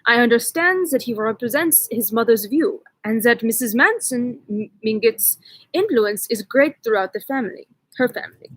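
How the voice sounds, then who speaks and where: A woman's voice: on the high side, lively intonation, normal speed, a bit bright, slightly rough, no room sound, rough recording. A woman voicing a timid, anxious young Frenchman with an exaggerated French accent, pleading formally.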